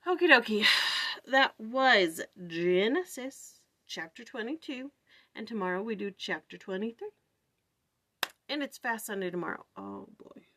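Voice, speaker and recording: A woman's voice: a little high, animated, unhurried, sharp tone. A woman hosting a casual morning scripture-study vlog at home, thinking aloud with lots of "like" and "right?". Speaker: vlog host.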